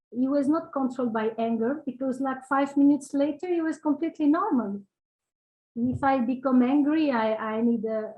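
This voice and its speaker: A woman sharing personal memories in casual, halting speech, searching for words with many fillers and little laughs. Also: high-pitched, darkish tone, lo-fi sound. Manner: laughs between phrases. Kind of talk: casual spoken reminiscence.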